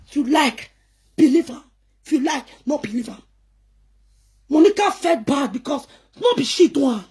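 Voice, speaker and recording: Nigerian pidgin accent, woman, high voice, scolding rant, defiant, repetitive. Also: expressive, normal speed, pauses often, a little mellow, slightly rough. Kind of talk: angry rant to camera.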